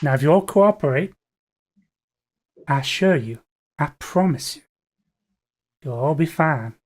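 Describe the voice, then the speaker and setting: A man voicing a smooth-talking male gang leader with a heavy Southern US drawl, calm and coaxingly menacing. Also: fairly high pitch, a little slow.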